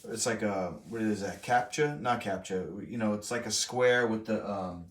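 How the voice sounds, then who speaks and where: A man's voice: lowish voice, moderate pace. A young man hosting a live stream, telling a story to his chat in a rambling, profane, self-correcting way. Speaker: streamer host. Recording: roomy, from a distant mic.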